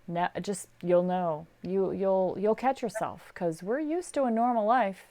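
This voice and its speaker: Middle-aged woman, podcast co-host, casual advice chat, animated storytelling. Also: mid-range voice, a little slow. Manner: animated storyteller, acts out quotes. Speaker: podcast co-host, sound recordist.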